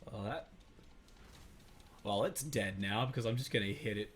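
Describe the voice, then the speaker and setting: A man's voice: lowish voice, normal speed, a bit bright, slight background noise. A man hosting a let's play, giving casual gameplay commentary in a rambling, self-correcting way with lots of fillers.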